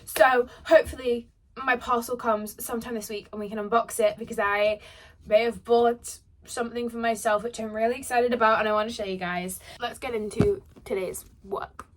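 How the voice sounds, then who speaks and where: A woman's voice: fairly high pitch, steady tone, moderate pace, slight background noise. A young woman who is a book vlogger, chatting casually to camera at home in a bubbly, gushing way. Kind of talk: casual vlog talk to camera.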